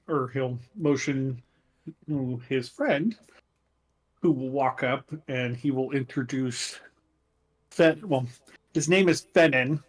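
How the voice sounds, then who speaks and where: A man playing a tabletop role-playing game, casually describing his character's actions with many pauses and fillers. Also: medium pitch. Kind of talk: casual play narration.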